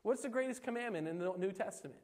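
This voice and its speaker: A man's voice: high voice, lively intonation, quick pace, darkish tone. A man from Pennsylvania preaching a sermon as pastor, earnest and repetitive, with chatty asides. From Pennsylvania, USA. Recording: long hall reverb.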